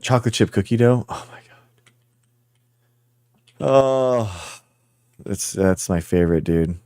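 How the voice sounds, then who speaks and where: A man hosts a livestream with a low, mellow voice, chatting loosely and rambling as he answers his viewers directly. The sound is dry and close, with no room echo. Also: a little fast. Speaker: livestream host. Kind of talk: casual livestream chat with viewers.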